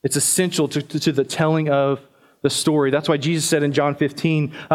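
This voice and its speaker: A man's voice: on the high side, flat delivery, brisk, a little mellow. A man preaching a sermon as pastor, talking conversationally to the congregation and often repeating words.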